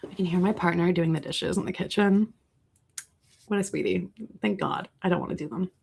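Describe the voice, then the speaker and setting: A young adult woman hosting a casual livestream, answering viewer questions with chatty, animated storytelling and asides. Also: lowish voice, fairly quick, vocal fry, slight background noise.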